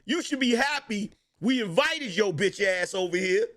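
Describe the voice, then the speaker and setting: A man's voice: high-pitched, animated, moderate pace, a bit bright. A man voicing a brash, blustering middle-aged male president who scolds in street slang. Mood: scolding.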